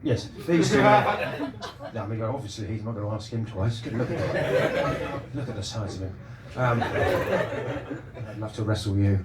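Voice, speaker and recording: Man, stand-up comedian, teasing crowd work, stammering restarts, roomy club echo, loud background noise. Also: lowish voice, animated, unhurried. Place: comedy club with a live audience. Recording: echoey club, mic at a distance, loud noise.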